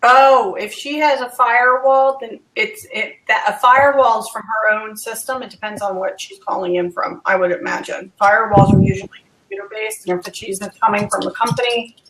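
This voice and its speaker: A woman chatting casually on a video call, quick to laugh. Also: a little high, lively intonation, fairly bright tone, echoey room, low-quality recording.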